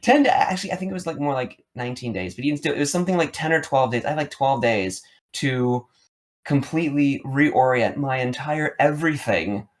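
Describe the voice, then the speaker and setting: A man's voice: medium pitch, brisk. Rambling man in his thirties. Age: 30s. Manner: rambling, repeats words, many fillers. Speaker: podcast co-host. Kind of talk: casual storytelling chat.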